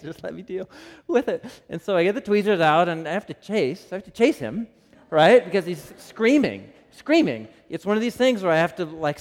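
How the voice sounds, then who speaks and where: Chatty pastor in an echoing hall. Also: male voice, high voice. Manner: chatty and animated, often asking the crowd "right?". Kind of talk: conversational sermon. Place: church sanctuary. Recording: long reverb of a large hall.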